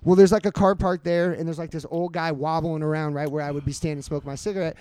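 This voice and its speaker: A young man with a fairly high voice tells a story at length, swearing freely and leaning on "like" and "dude". The sound is close and dry, with no room echo. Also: fairly even intonation, fast, dark tone, clean tone. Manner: profane, rambling, filler-heavy. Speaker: podcast host. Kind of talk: casual storytelling among friends.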